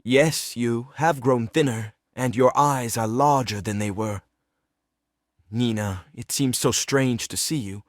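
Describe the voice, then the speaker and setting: A man's voice: medium pitch, slow pace, no room sound, studio quality, lightly acted. A man reading the role of a despairing, lovesick young writer in a play reading, earnest and pleading. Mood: yearning.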